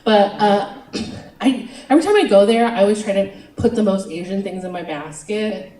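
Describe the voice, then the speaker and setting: A woman's voice: mid-range voice, moderate pace, dark tone, recorded from a distance. A young woman doing a stand-up comedy set, chatty and self-mocking, giggling between lines. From United States. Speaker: stand-up comic. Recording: roomy venue, picked up from afar.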